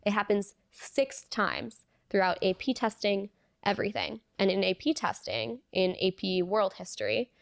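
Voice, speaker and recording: Young woman guest telling her story, lots of "like", gravelly voice, dry close sound. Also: medium pitch, moderate pace, no room sound. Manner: earnest, fillers of "like", reenacts dialogue. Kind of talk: personal storytelling in conversation.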